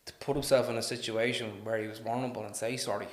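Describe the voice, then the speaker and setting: A man with a Dublin accent, a podcast guest telling stories in a casual, animated way, laughing and swearing often. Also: mid-range voice, fast. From Ireland. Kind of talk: casual storytelling. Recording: roomy echo.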